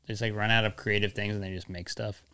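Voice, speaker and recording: A man's voice: lowish voice, level tone, fast, sharp tone, clear, resonant tone. Playful male podcast host. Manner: teasing, playful. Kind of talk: casual interview chat.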